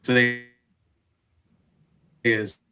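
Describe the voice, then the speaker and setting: Halting man on a video call. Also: mid-range voice, little pitch movement, sharp tone, smooth. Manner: halting, repeats words while searching. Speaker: panelist. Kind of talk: casual chat.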